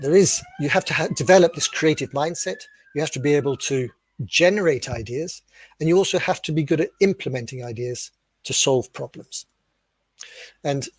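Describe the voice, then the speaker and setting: A man with a British accent explaining ideas to teachers in a webinar, asking rhetorical questions in a steady, clear teaching tone. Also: on the high side, no echo. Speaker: webinar speaker on teacher development. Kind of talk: explanatory lecture.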